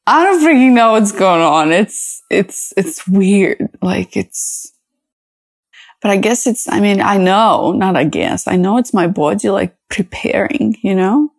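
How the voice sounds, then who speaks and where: Slow, fry-edged woman musing aloud. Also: medium pitch, expressive, no room sound. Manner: halting and reflective, many fillers and restarts. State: emotional, close to tears. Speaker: podcast host. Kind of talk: personal podcast monologue.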